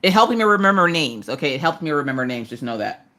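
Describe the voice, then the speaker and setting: Very animated and fast-talking, this woman has a slightly bright voice as she works through diamond painting on her live stream. She jokes around casually, pokes fun at herself, and greets viewers in high, squeaky voices.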